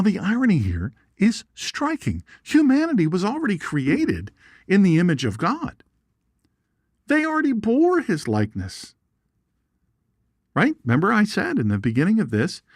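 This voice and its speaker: Man, bible teacher, lively swooping pitch, folksy asides, dry close sound. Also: husky, no room sound. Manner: folksy and animated, asides and jokes, reads viewer comments. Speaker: Bible teacher and show host. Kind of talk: informal livestream Bible teaching.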